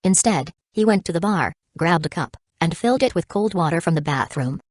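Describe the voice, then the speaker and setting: A woman narrating an audiobook in a steady, even reading. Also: on the low side, brisk, dry recording, clean studio sound. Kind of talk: scripted narration.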